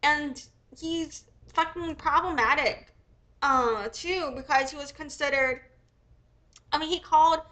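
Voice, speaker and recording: Young American woman, livestream commentator, high and bright, a bit sick, profane, rambling. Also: unhurried. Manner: profane, rambling, thinks aloud. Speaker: livestream host.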